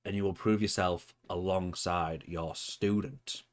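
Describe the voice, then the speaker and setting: A man voicing a cryptic female wrestling manager in a put-on accent, speaking slowly and solemnly. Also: low voice, steady tone. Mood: ominous, commanding. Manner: slow, solemn, commanding promo. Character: cryptic woman manager of a villain stable.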